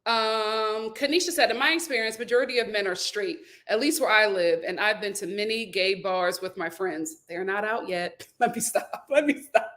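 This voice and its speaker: A young woman runs a casual live stream, reading out viewer comments and chatting animatedly with lots of laughter. Her voice is mid-range and her pace is moderate.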